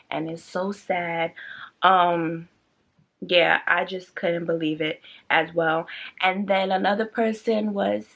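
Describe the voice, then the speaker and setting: A woman vlogger ranting casually to her viewers in a blunt, slangy, chatty way, her pitch jumping up whenever she gets excited. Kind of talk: casual rant to camera.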